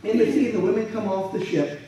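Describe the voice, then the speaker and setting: A man's voice: high voice, brisk, warm tone, slight background noise. A man giving an anecdotal talk with slides at a museum event, acting out the people in his stories. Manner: storytelling, acts out quoted people. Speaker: guest speaker and military historian. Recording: echoey room from a distant mic.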